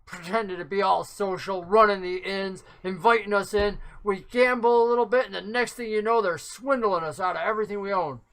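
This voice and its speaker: A game master voicing a gruff half-orc shipwright. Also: medium pitch, fairly bright tone, close to an everyday voice. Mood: bitter. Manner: grumbling, quick to complain, bursts into roaring laughter. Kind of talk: voicing a character in a tabletop game.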